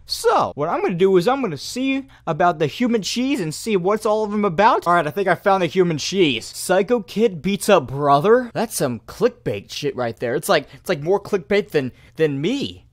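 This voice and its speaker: A young man riffs sarcastically over a video he is reacting to, mocking and swearing as he restarts his sentences. His pitch swings widely, and the close mic gives a dry sound. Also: big pitch swings, normal speed, hardly any pauses, no room sound.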